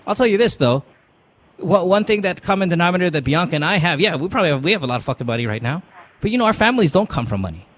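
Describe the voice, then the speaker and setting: A man's voice: sits high, expressive, very fast, fairly bright tone. A man with a Filipino accent hosting an advice podcast, talking bluntly and with a lot of profanity, mixing English and Tagalog. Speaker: podcast host giving advice. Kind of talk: casual advice talk.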